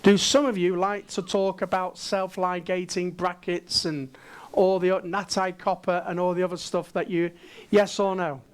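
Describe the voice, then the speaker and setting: A man's voice: high voice, little pitch movement, normal speed, clean tone. A man from England, giving an interactive keynote talk on a conference stage. He playfully coaxes the audience with questions. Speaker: conference speaker.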